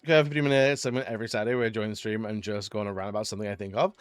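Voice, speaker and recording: A man's voice: lowish voice, steady tone, rapid-fire, smooth, no echo, soft background music. A man streaming live, chatting casually, joking, laughing often and rambling between stories.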